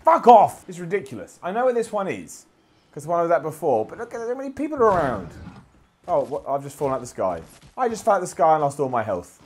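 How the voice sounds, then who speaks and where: Brief: games journalist, slightly high voice, lively self-mocking play-by-play. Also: male voice, fast, slight background noise. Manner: self-deprecating, swearing, muttering to himself. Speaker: games journalist playing a video game. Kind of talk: gameplay commentary.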